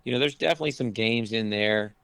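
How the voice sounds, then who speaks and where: A man's voice: fairly low pitch, fast talker, fairly bright tone, smooth, no echo. A man who coaches college basketball, talking casually in an interview and rambling with lots of "you know" fillers.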